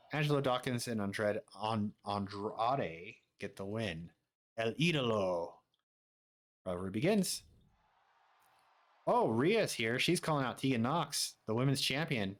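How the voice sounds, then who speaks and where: A man giving quick, offhand commentary as he plays a wrestling management game. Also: medium pitch, big pitch swings. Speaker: gaming streamer.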